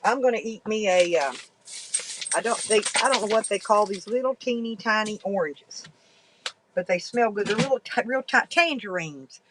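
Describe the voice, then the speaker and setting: A woman's voice: medium pitch, expressive, normal speed, noisy background. A woman, talking casually and bluntly to viewers in a folksy, rambling way, with some cursing. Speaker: livestreaming vlogger.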